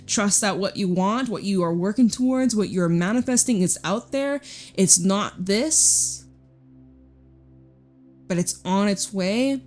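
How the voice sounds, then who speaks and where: A woman's voice: medium pitch, darkish tone. Chatty swearing woman reading tarot. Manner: chatty, blunt, swears freely, laughs often. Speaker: tarot reader.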